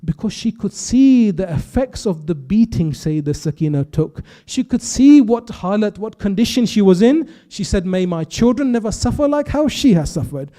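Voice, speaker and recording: A man's voice: sits high, big pitch swings, moderate pace, hardly any pauses, mellow. A young man delivering an emotional religious sermon, telling stories with quoted dialogue and rising to impassioned intensity. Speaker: speaker at a youth majlis.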